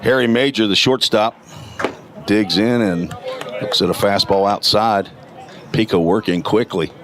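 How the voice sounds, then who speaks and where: A man with a gravelly morning voice calling college baseball play-by-play, reading stats in a steady, detailed way. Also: on the low side, a little slow. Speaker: play-by-play announcer. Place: outdoor college ballpark.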